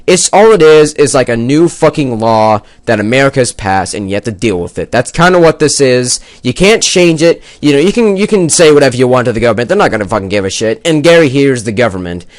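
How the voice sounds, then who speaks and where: A man's voice: medium pitch, animated, fairly quick, hardly any pauses, dry recording. Young guy ranting and cursing, voice jumps all over, dry close sound. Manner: swearing, exasperated, rambling. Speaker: gaming video maker. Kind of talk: angry rant to camera.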